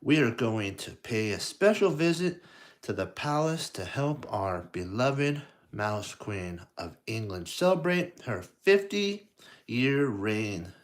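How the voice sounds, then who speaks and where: Storybook villain rat, boastful and sneering, slow delivery; a man reads the part. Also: mid-range voice, big pitch swings. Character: scheming villainous male rat mastermind, boastful.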